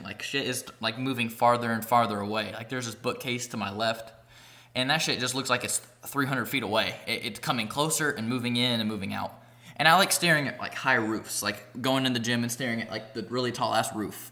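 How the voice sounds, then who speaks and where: A man's voice: medium pitch, brisk, bright, forceful tone. A young man vlogger telling a rambling, profane story in a casual storytime vlog, packed with "like" fillers. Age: young adult.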